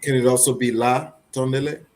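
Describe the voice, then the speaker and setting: A man's voice: medium pitch, little pitch movement, fairly quick, darkish tone. A man taking part as a student in an online language class, asking tentative clarifying questions. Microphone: video call.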